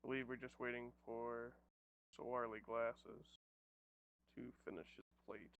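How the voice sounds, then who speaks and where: A man's voice: medium pitch, little pitch movement, measured pace, a bit bright, smooth, highs cut off. A man playing a tabletop game over voice chat, easygoing and jokey, laughing often. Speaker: player.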